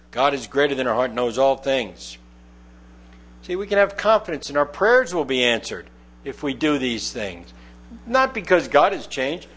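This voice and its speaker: A man's voice: a little high, fairly bright tone. A middle-aged man preaching a conversational sermon, reading scripture aloud and explaining it verse by verse. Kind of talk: sermon, Bible teaching.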